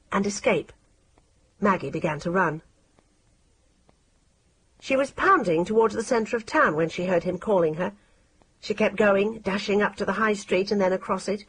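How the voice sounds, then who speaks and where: A woman narrating an audiobook in a measured, expressive reading style. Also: medium pitch, a little hiss or hum.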